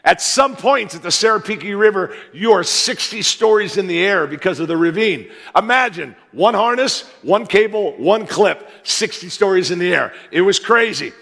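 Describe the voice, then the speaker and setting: A man from the US in his fifties preaches with a raised, gravelly voice, ribbing the crowd as he tells a story. His voice carries through a big church sanctuary with a long, ringing echo. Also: high-pitched, moderate pace, hardly any pauses. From United States. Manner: joking, animated storyteller who plays to the crowd. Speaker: guest pastor. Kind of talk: humorous sermon storytelling. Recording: reverberant church hall.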